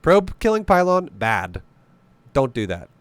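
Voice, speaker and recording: A man's voice: on the high side, wildly swooping pitch, unhurried, dry recording. A man giving casual, profane gameplay commentary, blunt and joking as he explains strategy. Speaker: game commentator.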